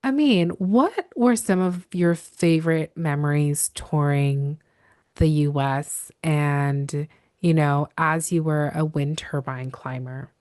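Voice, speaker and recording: A woman's voice: sits low, slow, darkish tone, dry recording, studio quality. A woman hosting a podcast interview, encouraging her guest with frequent backchannel murmurs. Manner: encouraging, many backchannel "mm-hmm"s. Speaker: podcast host. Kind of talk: casual interview talk.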